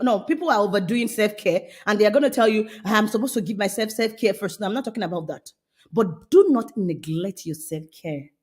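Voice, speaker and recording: A middle-aged woman coaching parents in an emphatic talk, scolding and then coaxing, often repeating phrases. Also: a little high.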